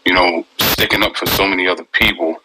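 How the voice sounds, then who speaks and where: A man's voice: low-pitched, fairly even intonation, fairly quick, bright, forceful tone, a little hiss or hum, low-quality recording. A man calling into an audio room, hesitant with many "um"s, yet agreeing firmly with the speaker before him. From Connecticut. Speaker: caller. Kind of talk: call-in room comment.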